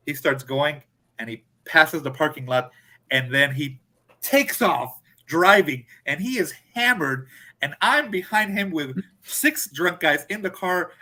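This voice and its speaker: A man telling a story in a casual chat, animated, acting out his friends' lines. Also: mid-range voice. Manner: animated, acts out friends' quotes. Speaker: podcast co-host.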